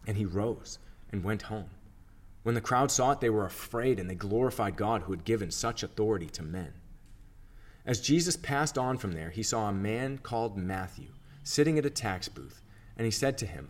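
In a lowish voice, a man reads scripture aloud for a church reading plan, narrating in a steady, measured way.

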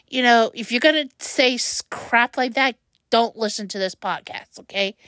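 A woman's voice: fairly high pitch, moderate pace, fairly bright tone, no echo. A woman hosting a personal podcast monologue, emotional and rambling, stumbling over her words while upset and close to tears. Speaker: podcast host.

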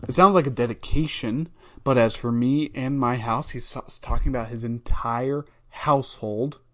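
A man's voice: mid-range voice, moderate pace. A man hosting a podcast, talking through a Bible verse in a casual, thoughtful way, with frequent fillers and restarts. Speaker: podcast host.

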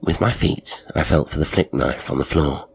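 Very deep-voiced male horror narrator. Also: gravelly, a little hiss or hum. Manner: brooding, measured first-person storytelling. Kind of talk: scripted horror story narration.

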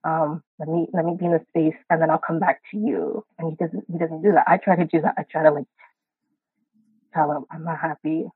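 A woman calling in to a podcast, venting about her partner in a halting, frustrated way with a husky voice. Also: deep voice, fairly even intonation, dry recording. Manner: frustrated, halting, many restarts. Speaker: caller. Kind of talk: live call-in chat. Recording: dry tinny call line.

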